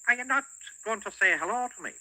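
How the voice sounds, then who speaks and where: A man voicing a cheeky, mischievous male goblin in a husky, sing-song, teasing storybook voice. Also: high voice, expressive, fast talker, bright, forceful tone, dry recording, voice pushed up, exaggerated voice, poor audio.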